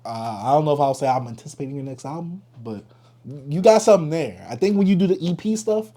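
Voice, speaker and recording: A young man co-hosting a podcast, giving animated, opinionated takes and laughing often in casual chat. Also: fairly high pitch, fast. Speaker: podcast co-host.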